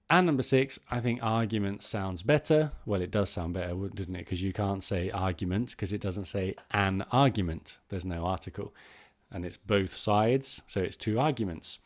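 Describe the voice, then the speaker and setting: Male teacher, slightly low voice, lively explanatory delivery for an online lesson. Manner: explanatory, lively and upbeat, stresses item numbers. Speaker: English exam teacher.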